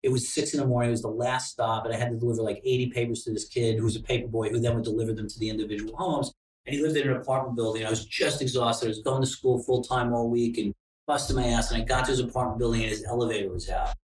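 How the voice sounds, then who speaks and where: A man's voice: medium pitch, fairly even intonation, racing. A middle-aged man telling candid, profane stories in a casual interview. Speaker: screenwriter guest. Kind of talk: casual storytelling chat. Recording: roomy, distant mic.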